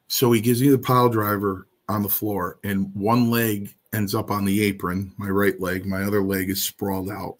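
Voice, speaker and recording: A man telling stories from his wrestling career in an interview, animated and blunt, with salty language. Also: on the low side, normal speed, hardly any pauses. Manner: animated, acts out the people in his story. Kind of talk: casual anecdotal storytelling.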